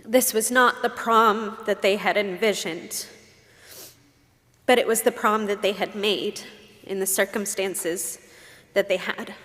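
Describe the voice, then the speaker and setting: A woman's voice: medium pitch, fairly even intonation, a little slow, long pauses, a bit bright. A woman pastor giving a sermon, telling personal stories with emotion and asking reflective questions. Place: church sanctuary. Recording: long hall reverb.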